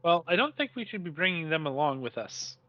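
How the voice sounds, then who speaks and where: A man playing a tabletop game, talking plans over and tripping on his words. His voice sits a little high, and the recording sounds dull and lo-fi. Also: big pitch swings, fairly quick, dry recording. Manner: deliberating, stumbling over words. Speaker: player. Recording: dull lo-fi audio.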